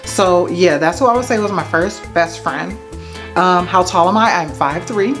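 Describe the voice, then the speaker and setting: With music playing in the background, an American vlogger in her thirties chats to camera in a laid-back Q&A tag video, poking fun at herself for viewers as she answers. She speaks at a normal speed in a fairly low voice.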